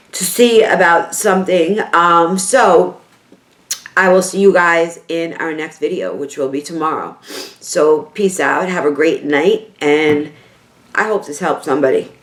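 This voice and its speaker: A middle-aged woman with a New York accent, talking to camera in a heartfelt, rambling way and repeating herself for emphasis. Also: low-pitched. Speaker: beauty vlogger. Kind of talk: emotional casual talk to camera. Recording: echoey room.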